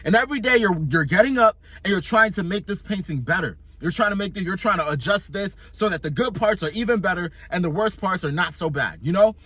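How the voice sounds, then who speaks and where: A man's voice: high voice, animated, brisk, few pauses, fairly bright tone, no echo. A young man giving a casual motivational monologue, blunt and profane, talking in slang and working through a long analogy. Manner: explains with an extended analogy. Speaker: self-improvement vlogger.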